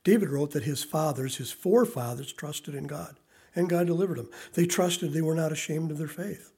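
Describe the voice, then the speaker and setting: A man in his thirties preaching a sermon, swinging from loud emphasis to quiet, hushed asides. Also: fairly high pitch, moderate pace, breathy edge. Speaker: pastor.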